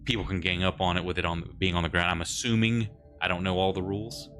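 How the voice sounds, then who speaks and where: A man's voice: low-pitched, flat delivery, fast talker, fairly bright tone, slight background noise. A man running a tabletop horror game as game master, explaining rules loosely with many fillers.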